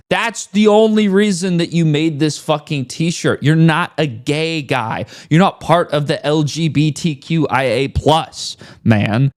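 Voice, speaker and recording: A man delivers scornful, profanity-laced commentary with a fairly high voice that swings up and down a lot. His sarcasm is biting, and the sound is close and dry, with no room around it. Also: no echo. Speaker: commentary host reacting to clips. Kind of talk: ranting video commentary.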